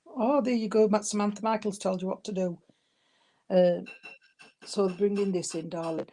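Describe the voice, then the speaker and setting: A woman's voice: medium pitch, fairly even intonation, normal speed. A woman medium passing on spirit messages at a service, calling people love and sweetheart. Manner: warm terms of endearment, giving messages. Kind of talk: spiritualist demonstration.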